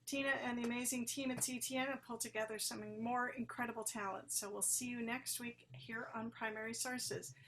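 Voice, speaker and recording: A woman's voice: a little high, fairly even intonation, a little fast, few pauses, a bit bright, slight background noise. A woman hosting a webcast interview over a video call, gracious and hesitant with fillers. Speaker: host, interviewer.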